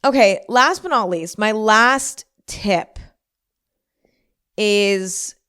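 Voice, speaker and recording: A woman's voice: mid-range voice, fairly bright tone, clear, resonant tone. A young woman hosting a podcast alone, chatting casually and rambling, mocking herself and acting out her own inner voices. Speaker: podcast host. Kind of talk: casual solo podcast chat.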